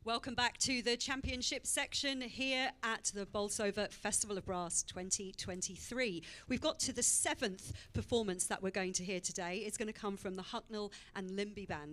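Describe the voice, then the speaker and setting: A woman compère announcing the next band in a clear, welcoming manner. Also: mid-range voice, normal speed, few pauses, a bit bright. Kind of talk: formal announcing.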